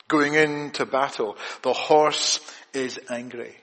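A man preaching a sermon, swinging between forceful, raised emphasis and hushed, quiet lines. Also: medium pitch, a little slow. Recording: long hall reverb.

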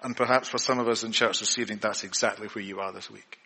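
A man's voice: on the low side, fairly even intonation, fast, pushed and bright, slightly rough. A man preaching an evening church sermon in an earnest way, often repeating words and restarting. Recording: long reverb of a church hall.

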